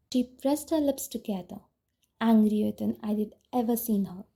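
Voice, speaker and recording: A woman narrating a novel in the first person, with a steady, reflective storytelling manner. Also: on the high side, moderate pace, gravelly, breathy edge. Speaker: audiobook narrator. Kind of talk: first-person audiobook reading.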